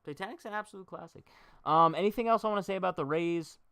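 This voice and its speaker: A man's voice: high-pitched, fast, pushed and bright, clear, resonant tone, no room sound, studio quality. A young man hosting a casual baseball livestream, chatting and joking straight to his viewers. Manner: chatty, jokey, talks to chat directly.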